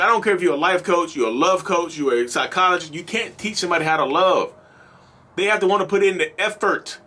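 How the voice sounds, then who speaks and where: Speaking straight to his audience and calling them "y'all," the host of a toxic-relationships channel delivers a preachy, repetitive, animated monologue. His voice is fairly high, bright and forceful.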